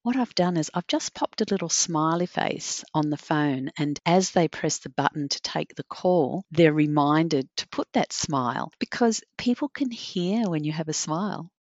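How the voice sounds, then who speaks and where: A woman's voice: low voice, expressive, normal speed, hardly any pauses, darkish tone, no room sound. A woman as a podcast guest, sharing practical examples in a friendly, anecdotal way. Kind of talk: podcast chat. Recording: dry, slightly dull lo-fi recording.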